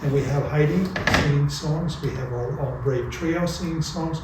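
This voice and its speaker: A man with a fairly high voice hosts in a friendly, halting way, pausing on "uh" and repeating words. He is heard from far off in a church with heavy reverb. Clear room noise hangs behind him. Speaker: concert series host. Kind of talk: audience Q&A and announcements. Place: church concert hall.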